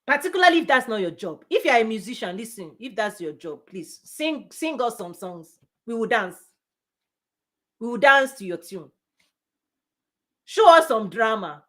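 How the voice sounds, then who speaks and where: A woman business coach giving a forceful motivational talk, repeating punchy phrases and laughing often. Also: fairly high pitch, sing-song, normal speed, long pauses.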